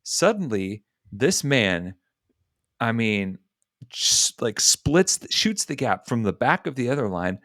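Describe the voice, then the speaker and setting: Podcast co-host, young adult man, lively storyteller who acts out quotes, dry close mic. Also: mid-range voice, slow pace, no room sound. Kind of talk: animated storytelling in casual chat.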